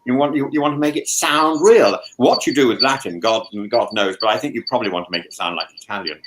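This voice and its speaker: A man hosting a casual chat, talking with many restarts and repeated words and animated asides. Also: medium pitch, fast talker, noisy background. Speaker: podcast host, professor. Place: home in lockdown.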